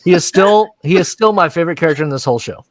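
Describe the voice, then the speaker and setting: American host, rowdy recap chatter, slightly high voice, close dry mic. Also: male voice, expressive, no echo. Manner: rowdy, acts out scenes in quick voices. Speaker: podcast host recapping a show. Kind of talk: casual recap chat.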